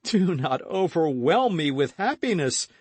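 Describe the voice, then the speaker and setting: A passionate young swordsman bursts out with eager, exclamatory lines, his voice swinging high and lively, played by a male audiobook reader. The recording is dry. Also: unhurried, dry recording. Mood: ardent, eager. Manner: impassioned, exclamatory.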